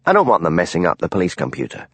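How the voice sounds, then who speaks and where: A man voicing a male Highland village police constable who asks dry, probing questions. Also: huge pitch swings, rapid-fire, fairly bright tone, slightly rough, dry recording, heavily acted.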